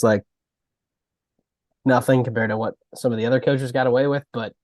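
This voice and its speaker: A man's voice: mid-range voice, a little mellow, no room sound. A man co-hosting a sports podcast, speaking casually and a bit hesitantly, with many "like" and "um" fillers. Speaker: podcast co-host.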